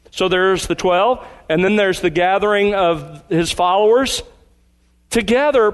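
A man preaching a sermon, slowing down and leaning hard on key words for emphasis. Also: sits high. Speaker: pastor.

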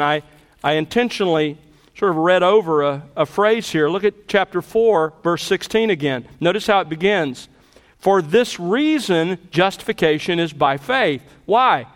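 Man, pastor, sermon, high voice, emphatic slowed phrases, long reverb. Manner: earnest preaching with emphatic slowed phrases and rhetorical questions.

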